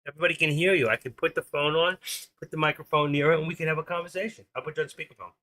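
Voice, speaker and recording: A man's voice: a little high, fairly even intonation, rapid-fire, pushed and bright. A man in his sixties hosting a live stream, chatting in a rambling, opinionated way and reading off market numbers. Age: 60s.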